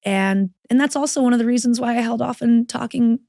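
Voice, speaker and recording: A woman guest on a podcast, telling a personal story frankly, with plenty of swearing and animated quoting of her own thoughts. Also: fairly high pitch, brisk, gravelly, no room sound, studio quality. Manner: frank and profane, animated retelling with quoted inner voice. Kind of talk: candid conversational storytelling.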